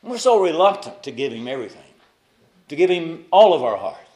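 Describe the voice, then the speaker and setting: A male pastor preaching a sermon, moving between loud emphatic lines and soft asides, and putting rhetorical questions to the congregation. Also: a little high, sing-song, fairly quick.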